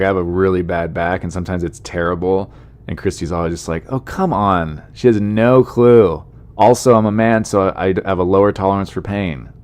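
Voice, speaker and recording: Deep-voiced man rambling on a podcast. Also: a little mellow. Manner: rambling, self-deprecating, chatty asides to listeners. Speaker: comedian and podcast host. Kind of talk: casual podcast monologue.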